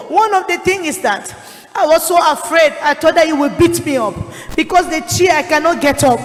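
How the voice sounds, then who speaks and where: A woman's voice: extremely high pitch, normal speed. A woman giving an earnest church testimony, telling her story with a raised, pleading voice. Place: church hall. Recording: long hall reverb.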